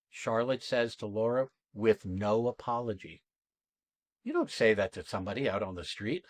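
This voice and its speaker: An acting coach leads a class demo, taking actors through an exercise in a blunt, emphatic way and swearing freely. His mid-range voice is animated, fairly quick and fairly bright, with no echo.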